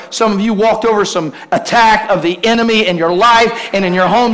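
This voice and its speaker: A male pastor preaching a lively sermon, calling out to the congregation and acting out the voices of the disciples. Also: sits high, a little fast, few pauses. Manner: preachy, call-and-response, acts out voices of the disciples.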